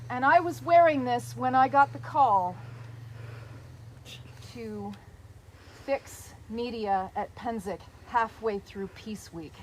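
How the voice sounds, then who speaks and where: A middle-aged woman giving a formal, heartfelt ceremonial speech at a medieval-style court, speaking with deliberate pauses. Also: fairly high pitch, a little hiss or hum, rough recording. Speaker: court speaker presenting a medallion.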